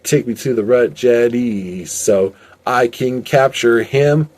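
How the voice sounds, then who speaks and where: A man's voice: medium pitch, takes it slowly, a little mellow, voice pushed up. A man voicing a smug, boastful villain hunter who speaks in a scheming way.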